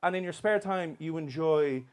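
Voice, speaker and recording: On a comedy club stage, a man with a slightly high, clear and resonant voice speaks at normal speed. He does live stand-up, bantering and swearing at the crowd with mocking brashness, and the live recording carries crowd noise and laughter.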